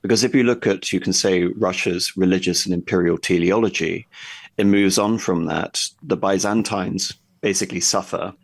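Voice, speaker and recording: A man discussing history at length in a conversational way, pausing often with fillers and restarts. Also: deep voice, creaky, no room sound. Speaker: guest history commentator.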